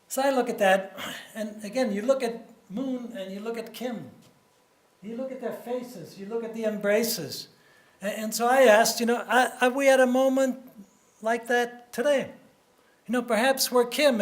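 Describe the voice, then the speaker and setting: Older man lecturing in a roomy hall. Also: very high voice. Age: 70s. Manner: measured and conversational, with frequent "you know" and repeated words. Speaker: guest lecturer on nuclear security. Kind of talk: public lecture with slides.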